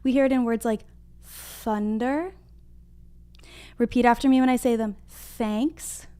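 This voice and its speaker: A young woman teaching a livestreamed phonics lesson to small children, her voice smooth, resonant and a little high. She sounds out letters slowly and clearly and keeps cheering the children on. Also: steady tone, warm tone. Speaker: kindergarten reading teacher. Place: home room at a whiteboard.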